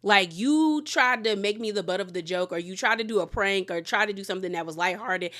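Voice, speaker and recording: A woman's voice: medium pitch, fairly quick. A woman giving a casual recap of a reality show, chatty and frank, airing blunt opinions and talking back to the cast. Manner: animated, talks back to the cast. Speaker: reality TV reviewer.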